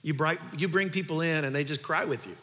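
A man's voice: a little high, fast talker, sharp tone. Earnest man preaching in a reverberant hall. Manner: earnest, conversational preaching with emphatic builds. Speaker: pastor. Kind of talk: sermon.

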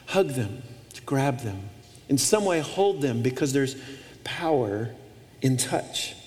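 A man preaching from the pulpit with a fairly high voice, leaning hard into emphatic repetitions and restarting his phrases as he builds his point. His voice rings out through the long reverb of a large church hall. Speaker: pastor. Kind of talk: sermon. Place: church auditorium.

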